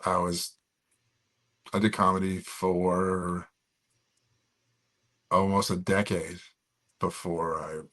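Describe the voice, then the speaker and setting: A man's voice: low-pitched, flat delivery, slow pace, pauses often, fairly bright tone. A man about forty from Florida, a stand-up comedian talking casually as a podcast guest in a rambling, filler-heavy way.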